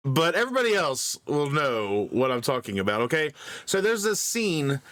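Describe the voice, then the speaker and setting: This podcast co-host, a man who grew up in the country, rambles through a long story in casual storytelling mode, packed with fillers, restarts and laughs at his own expense. His voice is fairly high and fairly bright, very animated, at a normal speed.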